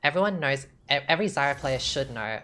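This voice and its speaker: A woman's voice: a bass voice, lively intonation, quick pace, a bit bright. A young woman, chatting sassily through casual gameplay commentary, with lots of "like". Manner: chatty, sassy, filler-heavy with lots of "like". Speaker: gaming streamer. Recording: game music playing behind.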